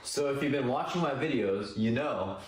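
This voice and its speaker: A man's voice: medium pitch, animated, moderate pace, slight background noise. A man in a played clip giving confident, persuasive sales advice with rhetorical questions. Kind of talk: scripted advice talk. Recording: very echoey room.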